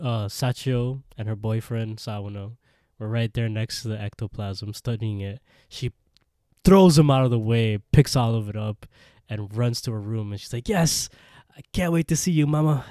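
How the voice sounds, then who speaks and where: A man's voice: fairly low pitch, no room sound, studio quality. A man co-hosting a podcast, casually retelling an episode and acting out the characters' lines. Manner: animated retelling with quoted voices. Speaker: podcast co-host.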